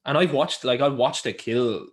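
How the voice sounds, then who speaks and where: A man's voice: mid-range voice, normal speed. A young Irish man co-hosting a podcast, telling rambling stories in casual chat and swearing freely. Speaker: podcast co-host.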